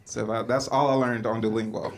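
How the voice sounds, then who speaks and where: Stand-up comic from Compton, laid-back, laughs through his bits; noisy club recording. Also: mid-range voice. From Compton, California. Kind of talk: stand-up comedy set. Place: comedy club, indoors.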